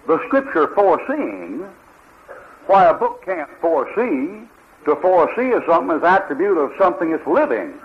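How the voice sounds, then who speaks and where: A man preaches a fiery sermon with a fairly high voice that swings widely up and down. He hammers away with repeated rhetorical questions and mimics the people he argues against. The sound comes from a dull, lo-fi archival tape. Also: very animated, normal speed.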